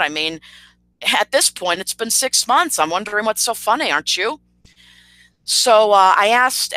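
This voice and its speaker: A woman rants on her livestream with a bright, edgy voice, full of sarcasm and indignation. She hesitates often with "um" and "you know." The recording is dry and close. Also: mid-range voice, no room sound, rough recording. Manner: sarcastic and indignant, with frequent fillers. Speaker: channel host. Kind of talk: livestream commentary rant.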